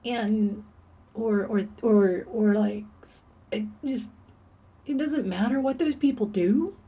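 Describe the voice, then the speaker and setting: A woman talks to camera in a confessional vlog, her voice mellow and slightly husky. She is earnest and halting, often restarting her thoughts as she opens up. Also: medium pitch. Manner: earnest, halting, openly emotional. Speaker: vlogger. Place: room in the dark.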